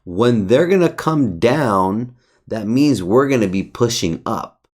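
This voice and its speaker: A man's voice: medium pitch, expressive, takes it slowly, darkish tone. A man reviewing his day's trades over a chart in casual, profane, brash talk. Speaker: trading educator.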